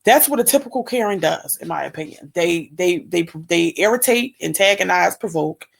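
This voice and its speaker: A woman's voice: fairly low pitch, animated, moderate pace, gravelly. A woman hosting a reaction video, giving casual, emphatic commentary and putting questions to her viewers.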